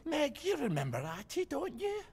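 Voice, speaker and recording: A man's voice: very high-pitched, huge pitch swings, normal speed, a little mellow, big-room sound, a little hiss or hum, exaggerated voice. An actor voicing a lonely older man in a video game who talks to his absent wife, rambling and wistful.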